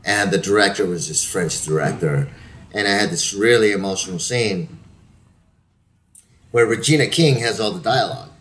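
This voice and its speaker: A man, an actor, chatting casually and telling animated, profane stories from the set. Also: lowish voice, normal speed, pauses often, slight background noise. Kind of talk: casual chat.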